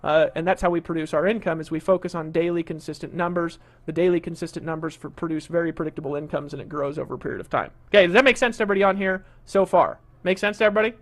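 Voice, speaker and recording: A man's voice: fairly high pitch, very fast, hardly any pauses. A middle-aged man hosting a live marketing webinar, talking in a pushy salesman's way and scolding a complaining attendee. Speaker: webinar host.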